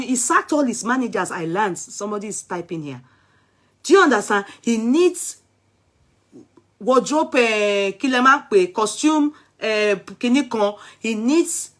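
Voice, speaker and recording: A woman's voice: a little high, fairly bright tone. A woman with a Nigerian accent giving casual, emphatic celebrity commentary as a vlogger, switching freely between languages. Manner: chatty and emphatic, switches between English, Yoruba and Pidgin.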